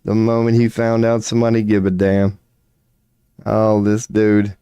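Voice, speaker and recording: A man's voice: on the low side, monotone, unhurried, warm tone, clean tone, no echo. A man streaming a casual rant, profane and mocking, with a drawling delivery at his computer.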